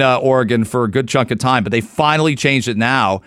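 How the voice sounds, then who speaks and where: A man's voice: mid-range voice, fairly quick, fairly bright tone, smooth, dry recording, clean studio sound. A middle-aged man hosting a radio talk show in casual chat, telling stories and acting out little exchanges. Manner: chatty storyteller, acts out quoted exchanges.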